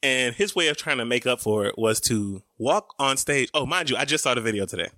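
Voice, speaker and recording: Bright-voiced laughing man on a podcast. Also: mid-range voice, brisk, no echo, studio quality. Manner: animated, laughing, banters with his wife. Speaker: podcast co-host. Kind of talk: casual podcast chat.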